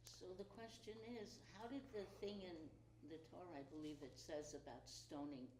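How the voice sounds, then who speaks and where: A woman's voice: on the low side, animated, normal speed. Woman, student question, hesitant, far from mic, echoey room, noisy background. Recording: distant, echoey room with noise.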